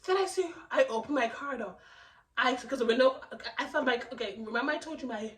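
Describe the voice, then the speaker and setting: A young woman vlogger telling a storytime, animated and laughing, with lots of restarts. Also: high-pitched, fairly quick, distant mic, low-quality recording. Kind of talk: storytime narration.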